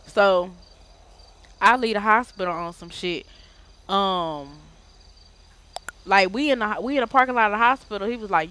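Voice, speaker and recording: A woman with a medium-pitched, sharp voice speaks at a moderate pace, casually retelling a story from a roleplay game. Her speech is slangy, profane, and rambling, and she acts out the dialogue.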